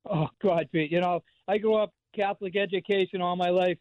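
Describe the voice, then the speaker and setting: Over the phone line, with no echo, comes the brisk, high-sitting voice of a Bostonian in his fifties whose intonation stays fairly even. He's a regular caller to a radio show, chatting casually and wandering through stories full of fillers and false starts.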